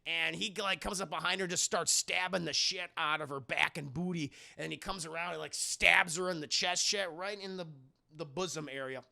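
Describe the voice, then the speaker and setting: High, gravelly-voiced streamer recapping to chat. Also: male voice, normal speed. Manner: profane, animated retelling, addresses chat. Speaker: streamer host. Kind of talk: casual livestream film recap.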